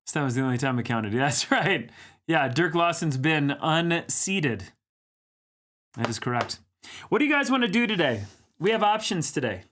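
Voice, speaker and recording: A man's voice: a little high, big pitch swings, unhurried, pauses often, a bit bright. Chatty man hosting a livestream. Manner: chatty, reads viewer comments aloud, teasing. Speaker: livestream host. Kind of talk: casual live-chat banter.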